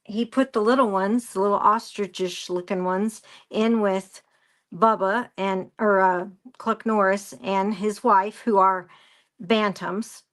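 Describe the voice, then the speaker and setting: A woman's voice: mid-range voice, steady tone, slow pace. A woman presenting a craft live stream, rambling through a story and greeting viewers by name as she works. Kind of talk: casual chat while crafting.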